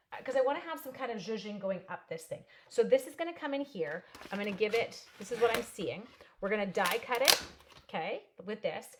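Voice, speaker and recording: Chatty woman doing a crafting demo. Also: mid-range voice. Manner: chatty, bubbly, tells stories and laughs. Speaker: papercraft demonstrator. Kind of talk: casual live crafting demo.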